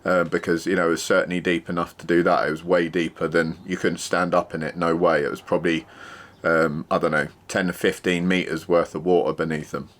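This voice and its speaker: Low-voiced man telling a story. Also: brisk. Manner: animated retelling, acting out quoted exchanges. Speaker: former security worker telling stories. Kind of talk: casual spoken storytelling.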